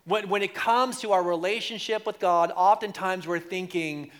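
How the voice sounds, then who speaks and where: High-voiced pastor preaching conversationally. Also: male voice, normal speed. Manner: conversational, animated, acts out quotes of congregants. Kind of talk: sermon.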